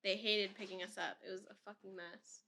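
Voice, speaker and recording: Woman, 20s, podcast host, casual rambling chat, filler-heavy, bright tone. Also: medium pitch, little pitch movement, fairly quick, vocal fry. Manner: rambling, heavy use of "like", laughs often.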